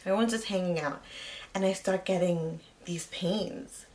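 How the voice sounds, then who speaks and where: A woman's voice: on the low side, moderate pace, a little mellow. A young woman vlogger telling a personal story in casual, chatty speech, full of filler words.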